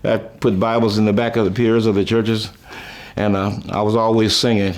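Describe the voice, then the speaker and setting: A man's voice: flat delivery, moderate pace. Older man telling rambling folksy stories. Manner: chuckling, folksy, trails off and restarts; raises his voice high when quoting others. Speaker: musician recalling his life. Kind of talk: rambling storytelling.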